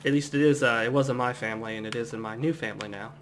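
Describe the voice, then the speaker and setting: Relaxed man rambling over gameplay. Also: mid-range voice, racing, faint music behind. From United States. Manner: relaxed, rambling, chatty asides. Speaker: gameplay commentator. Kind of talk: casual let's-play commentary.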